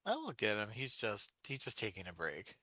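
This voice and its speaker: A man playing a tabletop game, speaking in a measured way. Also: lowish voice, wildly swooping pitch, crowd noise. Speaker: player. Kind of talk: casual tabletop play.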